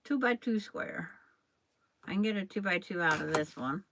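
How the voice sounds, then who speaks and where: A woman's voice: medium pitch, lively intonation, normal speed, fairly bright tone, slight background noise, low-quality recording. An older woman hosting a quilting stream, chatting casually and rambling while she sews and talks to viewers by name. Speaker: quilting channel host. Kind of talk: casual chat while sewing on a live stream.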